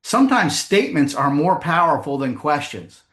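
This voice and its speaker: Animated man giving a sales seminar. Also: a little high. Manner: storytelling with comic voices and quick asides. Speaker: sales trainer presenter. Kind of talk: live seminar presentation with audience.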